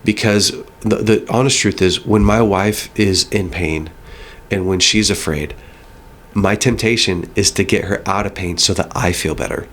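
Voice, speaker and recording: A middle-aged man with a fairly low voice speaks in an earnest, reflective way, teaching through personal stories. Now and then he slips into short acted-out lines of dialogue. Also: normal speed, fairly bright tone, a little hiss or hum. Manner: earnest, reflective, acts out dialogue with his kids. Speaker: guest speaker. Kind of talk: conversational teaching.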